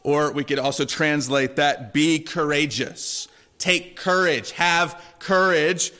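A man preaching a sermon in a conversational way, often checking in with listeners and softening his voice for quoted words. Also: fairly high pitch, fairly even intonation, slow pace. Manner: conversational, asks the congregation "right?" often. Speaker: pastor.

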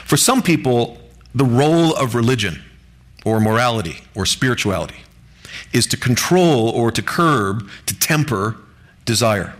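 A man preaching a sermon to his congregation in an earnest, measured way, lifting his voice on key words. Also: mid-range voice, lively intonation, fairly bright tone. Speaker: pastor.

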